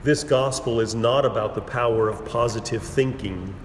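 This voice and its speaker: A man preaching a sermon in a measured, emphatic way, building repeated phrases and pausing for effect, recorded in a church sanctuary. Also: medium pitch. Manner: measured, emphatic preaching with repetition and dramatic pauses. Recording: roomy hall with long reverb and faint background noise.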